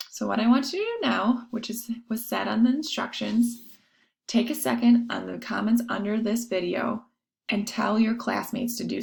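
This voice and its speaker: A woman's voice: medium pitch, gravelly, a little mellow. A woman teaching a recorded Spanish lesson to her class, explaining patiently step by step with examples.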